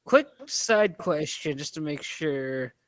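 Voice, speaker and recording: A man's voice: on the high side, expressive, slow pace, no room sound. A man chatting casually as a player in a tabletop game, hesitant and thinking aloud.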